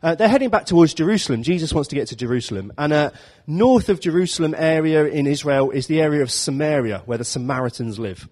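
A man delivers a relaxed, conversational sermon. He tells the story with jokes and slips into little acted-out voices for the characters, keeping it light and chatty. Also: on the high side, quick pace, few pauses. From London. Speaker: preacher. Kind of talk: informal sermon.

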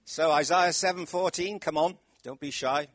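A man's voice: a little high, moderate pace, no room sound. Male preacher in church, emphatic, quizzes the congregation, dry mic. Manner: emphatic, rising to loud stresses; asks the congregation questions. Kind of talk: sermon.

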